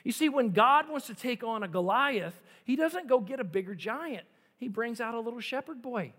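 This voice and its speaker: A male pastor preaching an animated sermon in a church. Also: very high-pitched, moderate pace, long reverb tail. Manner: animated, acts out quoted voices.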